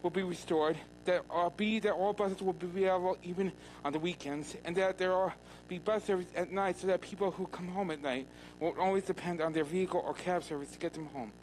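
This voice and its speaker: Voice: mid-range voice, steady tone, brisk, few pauses, a little mellow, slight background noise, rough recording. Earnest citizen addressing a legislature. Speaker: public commenter. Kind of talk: public comment at a legislature hearing. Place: county legislature hearing room.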